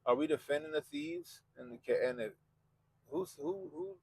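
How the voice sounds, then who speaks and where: A man's voice: a little high, huge pitch swings, normal speed, gravelly, a little mellow, husky, low-quality recording. A man hosting a podcast, talking casually and profanely, mocking people and quoting them in put-on voices. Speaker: podcast host. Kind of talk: casual commentary chat.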